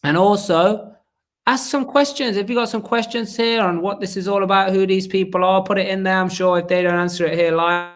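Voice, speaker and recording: A man's voice: sits high, steady tone, fairly quick, a bit bright. A man hosting a live-stream chat, talking energetically and rambling with restarts over a video call. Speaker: host.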